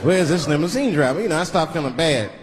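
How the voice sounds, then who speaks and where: A man's voice: a little high, expressive, fast. A man doing stand-up storytelling on stage, acting out the voices in his stories. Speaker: stand-up comedian. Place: comedy stage before a live audience. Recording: live show with loud crowd and noise. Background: loud audience laughter.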